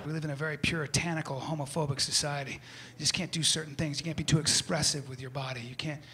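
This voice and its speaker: High-voiced brash male stand-up comic. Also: fairly even intonation, fast talker, sharp tone. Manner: brash, mock-instructional, acts out bits. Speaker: stand-up comedian. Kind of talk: stand-up comedy set. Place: stage before a live audience. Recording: roomy live venue with crowd noise. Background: audience laughter.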